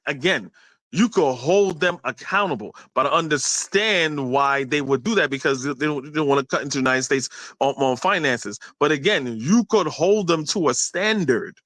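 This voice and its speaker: A man's voice: fairly high pitch, moderate pace, a bit bright, dry recording, low-quality recording. Male panelist, emphatic and argumentative, talks over others, remote call audio. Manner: emphatic, argumentative, frequent restarts. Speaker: podcast co-host. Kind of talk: heated panel debate.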